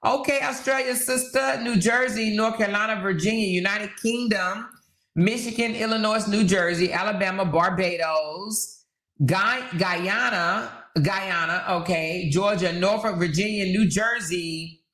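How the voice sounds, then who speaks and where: A woman's voice: medium pitch, unhurried, a bit bright, echoey room. A woman hosting a casual livestream, chatting and reading viewer comments aloud. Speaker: livestream host.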